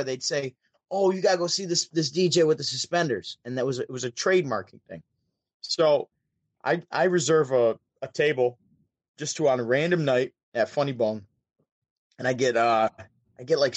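Recorded dry, a medium-pitched man from Syracuse, New York, guests on a podcast over a call. He's a DJ and show host, casually telling a long story and acting out the voices he quotes.

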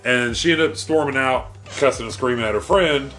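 A man's voice: medium pitch, a little fast, a bit bright, faint music behind. A man casually telling a rambling, profane story in a chatty podcast, laughing as he goes.

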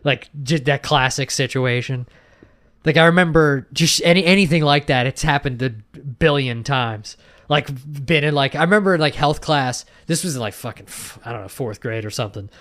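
A man's voice: medium pitch, normal speed, fairly bright tone. A young man co-hosting a podcast in casual chat, rambling with lots of fillers, restarts and swearing. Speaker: podcast co-host.

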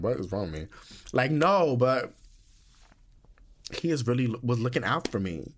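A young man hosting his own podcast in casual solo chat, sassy and dramatic, talking loosely and jumping into high squeals when he gets emotional. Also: big pitch swings, a little slow, pauses often. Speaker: podcast host.

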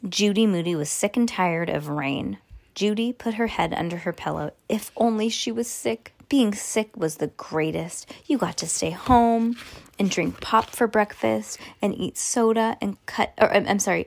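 A woman's voice: mid-range voice, gravelly. Woman podcaster, casual read-aloud of a kids' book, chatty. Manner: chatty, with offhand asides. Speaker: podcast host reading a children's book. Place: bedroom on a windy day.

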